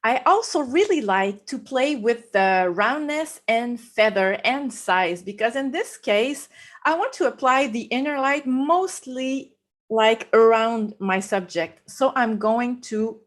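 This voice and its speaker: A guest photographer with a French accent runs a live photo-editing demo, walking viewers through an edit step by step. Her voice is on the high side and animated, her explanations slow, and she laughs easily.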